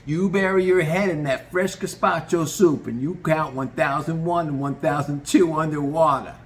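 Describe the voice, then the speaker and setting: A man voicing a bossy male restaurant cook who barks orders and pushes a prank dare, pitched well above his own voice. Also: flat delivery, a little slow, fairly bright tone, slight background noise. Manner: barking, pushy, commanding.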